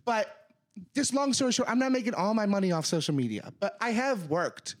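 A young man co-hosting a podcast, telling a story in casual, profane, animated chat. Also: sits high, brisk. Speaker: podcast co-host.

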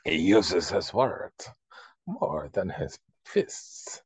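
A man co-hosting a podcast in casual chat, chatty and quick to laugh. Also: low voice, sing-song, husky, no echo. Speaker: podcast co-host.

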